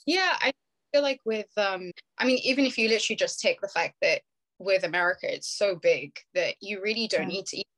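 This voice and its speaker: A woman's voice: medium pitch, fairly quick, fairly bright tone. British young woman, chatty guest. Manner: laughing, storytelling, chatty. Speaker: podcast guest. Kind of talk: casual interview chat.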